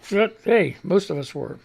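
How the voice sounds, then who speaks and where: A middle-aged man hosts a casual live show, his voice gravelly and a little rough at the edges. He rambles, circles back on his own words and lets sentences trail off, with a sarcastic edge. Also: high voice, lively intonation, slow pace, darkish tone. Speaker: radio show host. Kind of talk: casual chat reading comments aloud.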